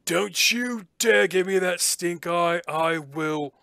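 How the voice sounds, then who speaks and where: A man gives voice to a gruff tavern creature keeper who barks threats at caged beasts and strangers. The voice sits well above his normal pitch and comes out loud and forceful. Close and dry, like a tabletop game told at the mic. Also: slow, dry recording, heavily acted. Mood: threatening. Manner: threatening, barking orders.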